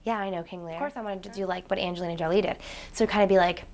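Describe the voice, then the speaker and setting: A woman's voice: lowish voice, racing, slight background noise, lightly acted. A woman playing a ditzy daydreaming actress. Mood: rambling. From Canada. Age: 20s. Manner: rambling, full of "like" fillers, flips between hushed whispers and excited outbursts. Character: ditzy, daydreaming young woman, dreamy and naive. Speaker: aspiring actress. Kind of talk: comedic web series monologue.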